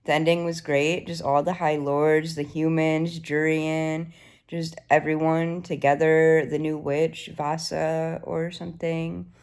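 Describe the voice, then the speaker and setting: A woman in her twenties giving casual, excitable reading updates as a book vlogger, swearing freely and gushing over the story. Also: deep voice, slow, smooth.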